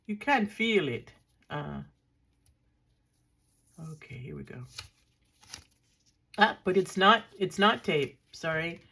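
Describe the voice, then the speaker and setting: Gravelly older woman chatting over crafts. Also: lowish voice, animated, slow, long pauses, a bit bright. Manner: chatty, thinking aloud, dry self-mocking. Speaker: craft vlogger. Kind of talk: casual crafting show-and-tell.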